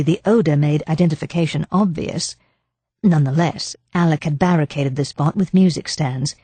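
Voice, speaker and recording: A woman narrating a cozy mystery audiobook in an even, measured storytelling style. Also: deep voice, breathy edge, no echo. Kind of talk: scripted narration.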